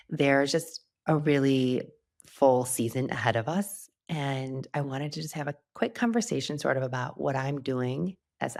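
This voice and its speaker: Her voice is very deep, creaky and darkish in tone. As a middle-aged host of a casual solo podcast, she chats openly and breaks into laughter frequently.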